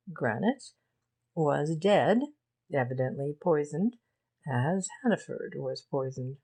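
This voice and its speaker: A woman reading a shrewd gentleman who lays out his reasoning in a measured, deliberate way. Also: deep voice, vocal fry, full character voice. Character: shrewd male gentleman explaining a case.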